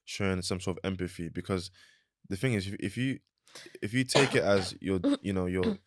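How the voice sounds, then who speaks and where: Young man, low voice, meandering co-host, dry close sound. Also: moderate pace, no echo. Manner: rambling, searching for words, many fillers. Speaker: podcast co-host. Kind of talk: casual podcast conversation.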